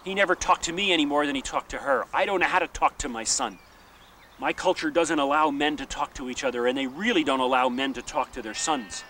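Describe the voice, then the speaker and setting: A man voicing a heartbroken old father, speaking in a subdued, halting way. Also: medium pitch, bright, forceful tone, recorded from a distance, a little hiss or hum, lightly acted. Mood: sorrowful. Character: grieving old Northern Irish father, quiet, heartbroken.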